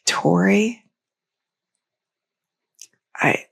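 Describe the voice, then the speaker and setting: Gentle, husky-voiced woman guest. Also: mid-range voice. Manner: gentle, unhurried, tender. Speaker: guest author and speaker. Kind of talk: heartfelt storytelling in interview.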